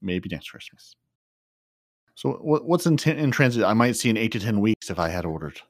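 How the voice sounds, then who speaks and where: A man co-hosting a casual gaming stream, explaining things in a relaxed way with some false starts. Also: on the low side, moderate pace, no echo, studio quality. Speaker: stream co-host.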